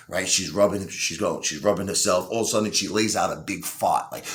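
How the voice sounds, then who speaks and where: A man from Brooklyn tells a joke, chatty and peppered with asides. His voice is low but bright and lively, and it echoes in the room. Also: fairly quick, hardly any pauses, a little hiss or hum. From Brooklyn, New York. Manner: chatty, lots of "you know". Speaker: comedian. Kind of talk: telling a dirty joke.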